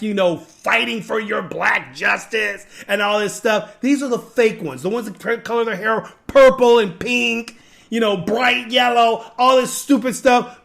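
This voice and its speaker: A man's voice: sits high, creaky, fairly bright tone. A man hosting a podcast, giving an emphatic, repetitive, preachy rant to his viewers. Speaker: podcast host. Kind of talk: ranting commentary.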